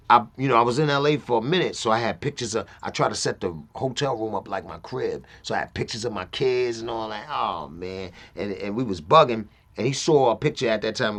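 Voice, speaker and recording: A man in his fifties tells a story with streetwise slang, and his pitch swings widely as he goes. He jumps into the voices of the people in his story with excited energy. It is a relaxed interview with an animated talker. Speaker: interview guest.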